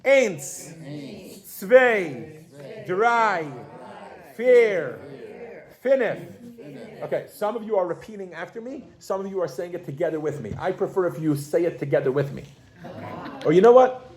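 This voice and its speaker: A man's voice: sits high, animated, fast, dark tone. A man teaching a beginners' Yiddish class to a group, playful and joking as he leads them through counting. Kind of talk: classroom lesson. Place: classroom with a group of adult learners.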